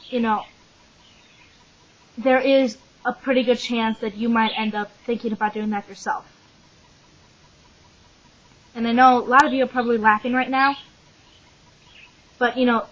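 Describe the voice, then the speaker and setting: A teenage girl vlogs a rant straight to camera, her voice sitting a little high. She rambles, leaning on "you know" and "like" as she goes. The audio is muffled and lo-fi, like an old webcam mic. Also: fairly bright tone. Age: teens. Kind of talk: vlog rant.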